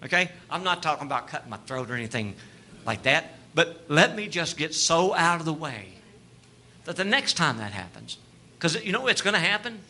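A man preaching from the pulpit, his voice bright and forceful and pitched a little high. He drops into soft, tender passages, then builds into loud, lively storytelling. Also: moderate pace, slight background noise. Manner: swings from hushed tenderness to loud, animated storytelling. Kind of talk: sermon.

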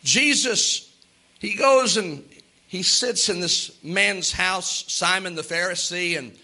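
A man's voice: high-pitched, takes it slowly, bright, forceful tone. A man preaching a sermon with impassioned delivery, acting out the lines of Bible characters.

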